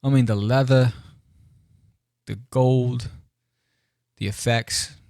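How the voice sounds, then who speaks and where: A man with a gravelly, creaky voice talks through comic pages in a casual, excitable way, tossing out playful asides. His voice sits at an ordinary pitch and sounds close and dry. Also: slow pace, no room sound. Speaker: comic book reviewer and podcast host.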